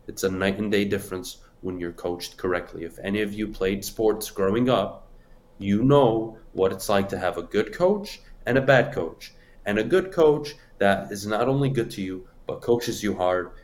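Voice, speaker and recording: A man's voice: sits low, slight background noise. A man co-hosting a sports radio show, blunt and opinionated, swearing freely in casual talk.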